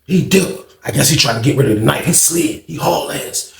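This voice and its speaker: A man telling a prison story in casual, animated slang, acting out quotes with loud high shouts and hushed asides. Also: brisk, vocal fry, roomy sound. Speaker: storyteller vlogger.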